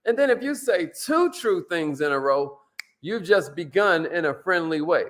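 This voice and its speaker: A man's voice: a little high, expressive, moderate pace, a bit bright. A man coaching business owners on sales with an emphatic, preachy manner, acting out bits of dialogue. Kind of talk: motivational teaching talk.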